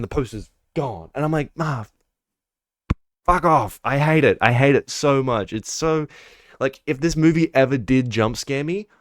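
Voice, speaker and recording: A young man in a casual film review, talking with a smooth, resonant voice. He rants in exasperation and swears freely, mocking what he dislikes. The sound is close and dry, with no room echo. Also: mid-range voice. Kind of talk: casual monthly movie review.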